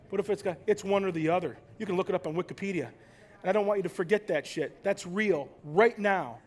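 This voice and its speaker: An American man with a high-pitched voice tells stories from a stage at a conference, rambling and profane. His delivery is emotional and animated, and he swears freely. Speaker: conference speaker. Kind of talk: live stage talk.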